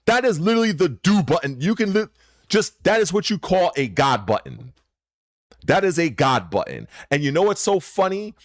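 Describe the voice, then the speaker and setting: A man hosting his own channel, delivering a heated, profane rant, swinging between loud emphasis and low muttering. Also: sing-song, normal speed, no echo, clean studio sound. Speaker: channel host.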